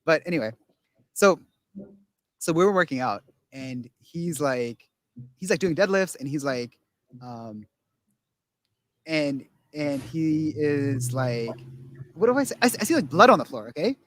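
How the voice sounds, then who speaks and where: A man with a slightly high voice talks casually as a podcast guest. He rambles, restarts his sentences and acts out little quoted lines. The sound is dry and close. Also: expressive, unhurried, long pauses, no echo.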